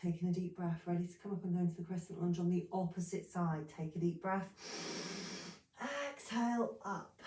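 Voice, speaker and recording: Woman, yoga instructor, calm step-by-step cues, roomy echo, distant mic. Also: medium pitch, moderate pace. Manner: calm step-by-step cueing, breath counts, light humor.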